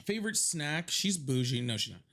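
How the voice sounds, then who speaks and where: A man's voice: a little high, big pitch swings, moderate pace, sharp tone. A young man hosting a casual livestream from his home office, chatting with viewers, thanking them by name and swearing freely. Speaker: livestream host.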